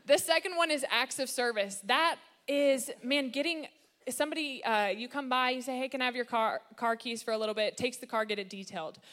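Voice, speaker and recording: Woman speaker, fairly high voice, playful and lively church talk on marriage. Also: brisk. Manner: lively, playful, sprinkles in funny put-on voices. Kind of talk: sermon-style talk on marriage.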